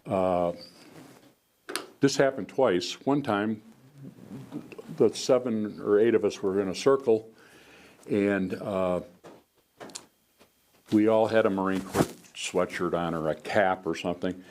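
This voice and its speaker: An older man with a lowish voice tells stories to a room, wandering through his sentences with fillers and restarts. A faint hiss sits under the recording. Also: slow, pauses often, darkish tone. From United States. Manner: rambling, frequent restarts and fillers. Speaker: guest speaker, veteran. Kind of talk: storytelling talk to an audience. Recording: faint background noise.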